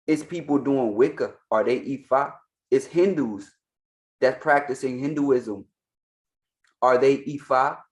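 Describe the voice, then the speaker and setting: A man, an Ifa priest, giving insistent reaction commentary and hammering his points home by repeating them. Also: medium pitch.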